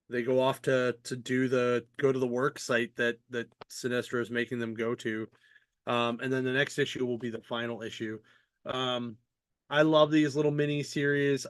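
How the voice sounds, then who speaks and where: A man's voice: medium pitch, clean tone, no room sound, studio quality. A man hosting a podcast, chatting casually and rambling with lots of fillers and the odd swear. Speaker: podcast host. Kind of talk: casual chat.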